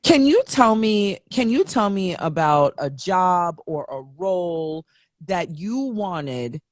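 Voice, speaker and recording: A woman's voice: lowish voice, expressive, slow pace, no echo. Woman host gushing over her guest, long winding questions, dead dry mic sound. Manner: admiring, rambling questions. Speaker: podcast host. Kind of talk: interview questions.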